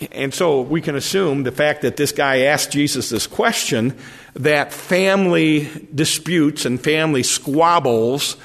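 A man preaching a conversational sermon, halting and often repeating his words as he explains the text. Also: mid-range voice, gravelly, a bit bright. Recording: long hall reverb.

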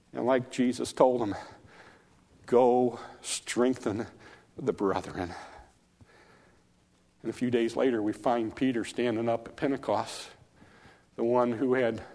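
A man preaching a sermon, retelling scripture as a story with acted-out dialogue, slowing down and dropping softer for emphasis. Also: medium pitch.

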